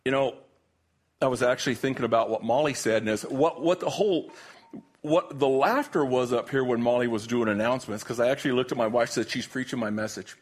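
A husky-voiced man preaching in a church, folksy and joking, often pausing and restarting his sentences. His voice sits at an everyday middle pitch. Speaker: pastor. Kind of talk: sermon with prayer and jokes.

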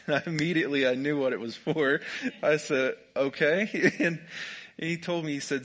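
A young man with a drawl, telling a personal story in a relaxed, jokey way and laughing often. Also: a little high, moderate pace. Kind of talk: casual storytelling.

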